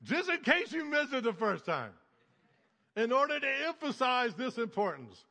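A male pastor preaches a sermon in a high, bright, ringing voice, very animated and at normal speed. He is emphatic, stacking repeated phrases into rhythmic lists. A long reverb makes it sound like he's in a church sanctuary.

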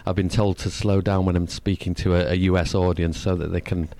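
A man from England with a Manchester accent, a musician guest talking quickly and eagerly in a casual interview. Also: low-pitched, level tone, mellow. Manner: quick, eager, tends to rush.

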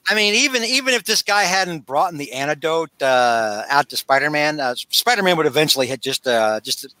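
A man hosting a casual podcast chat, recapping a story in an animated way and acting out the characters' lines. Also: fairly high pitch, fairly quick, dry recording. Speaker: podcast co-host recapping a comic.

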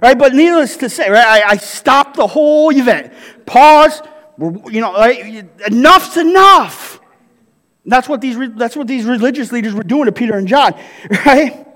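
A man's voice: very high voice, normal speed, in a large hall. A male pastor preaching a sermon in a conversational way, reading scripture and often checking in with the congregation with "right?".

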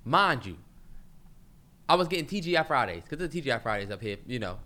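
Bright-voiced man, lively and indignant. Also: a little high, fast talker. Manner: indignant, defensive, swearing. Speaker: podcast co-host. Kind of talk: casual heated banter.

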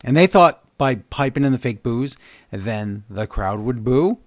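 A man co-hosting a podcast, recapping events in casual chat, animated and blunt with his opinions. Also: medium pitch, unhurried, dry recording, studio quality. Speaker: podcast co-host.

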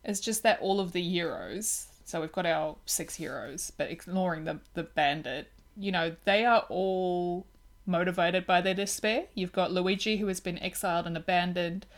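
A woman in casual conversation about a film, animated and quick to act out the characters' lines. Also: lowish voice. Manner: animated, acts out dialogue in quotes.

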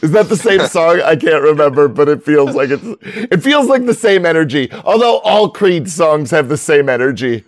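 A man's voice: fairly high pitch, very animated, normal speed, no echo, studio quality. A man chatting casually at a tabletop game session, joking around and bursting into rock singing impressions. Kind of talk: casual chat.

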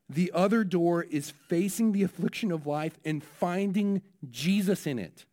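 A man's voice: on the high side, a little mellow. Man preaching in a conversational way. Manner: conversational, with frequent restarts and "like". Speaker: pastor. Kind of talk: sermon.

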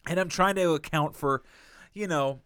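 A man's voice: on the high side, moderate pace, fairly bright tone, clear, resonant tone, no echo. A man telling a long, exasperated story in casual chat, swearing a lot and acting out the people he quotes.

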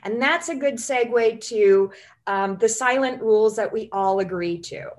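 A woman's voice: a little high, normal speed. A woman, a writer and goals coach, talking as a podcast guest and telling long, chatty stories full of "you know" and "like". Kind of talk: casual interview chat.

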